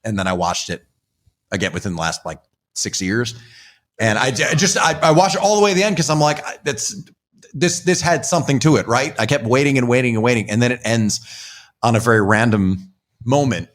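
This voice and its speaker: A man's voice: mid-range voice, lively intonation, brisk. A man hosting a podcast, chatting casually and rambling with lots of restarts and asides. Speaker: podcast host. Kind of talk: casual chat. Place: live stream in front of a comic shop.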